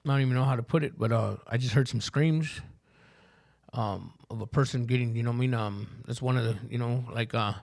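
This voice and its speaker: A man's voice: mid-range voice, a little fast, creaky, darkish tone. A man telling his recovery story as a podcast guest, in rambling street slang full of swearing. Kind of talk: personal recovery story in casual talk.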